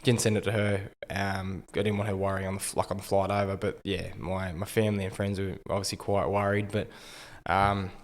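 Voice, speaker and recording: Low-voiced Australian man, flat and easygoing. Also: fairly quick, few pauses, big-room sound. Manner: easygoing, understated, frequent ums and "like". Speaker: guest, retired rugby league player. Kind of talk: casual interview storytelling.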